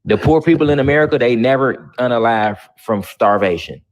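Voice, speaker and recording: A man's voice: medium pitch, brisk, dull audio. A man hosting a livestream, talking in a blunt, profane and confrontational way. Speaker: livestream host. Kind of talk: heated casual talk.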